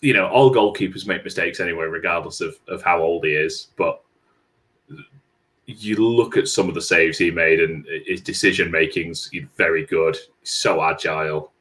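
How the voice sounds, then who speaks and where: A man co-hosting a casual football podcast, speaking haltingly with repeated words and dry jokes. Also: low-pitched, fairly bright tone. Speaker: podcast co-host.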